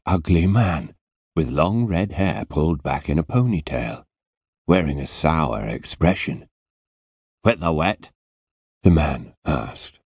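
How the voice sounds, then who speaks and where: A man narrating an audiobook close to the mic, slow and deliberate, with a very low, husky voice. His delivery is lively, and the recording is dry with no room sound. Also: no room sound. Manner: unhurried, expressive storytelling. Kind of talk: scripted narration.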